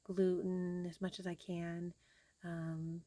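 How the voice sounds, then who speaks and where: A woman's voice: lowish voice, level tone, takes it slowly, warm tone, dry recording. A young woman vlogging casually to camera, rambling with many fillers, tired and frustrated.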